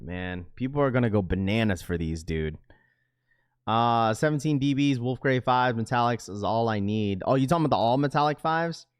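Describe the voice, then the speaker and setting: A young man with a clean, medium-pitched voice hosts a livestream. He chats casually and rambles, reading viewers' comments aloud and answering them.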